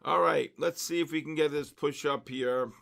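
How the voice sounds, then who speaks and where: Animated older New man. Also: fairly high pitch, moderate pace, creaky. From the Bronx, New York. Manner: animated, greets viewers, riffs between market calls. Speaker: trading stream host. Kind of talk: casual live-stream chat.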